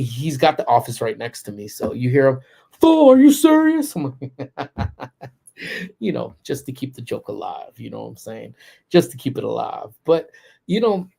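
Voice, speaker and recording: A man in his forties tells old stories on a casual livestream, easygoing and full of slang. His voice is gravelly and mellow, sitting at an ordinary pitch. He laughs often as he talks. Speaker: livestream host.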